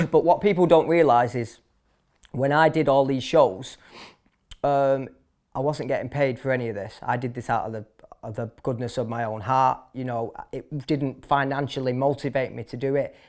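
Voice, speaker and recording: A man in his thirties with a Manchester accent, a barber telling his story in a casual interview, blunt and chatty with many fillers and restarts. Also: medium pitch. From Manchester, England. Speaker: barber and shop owner, interview guest.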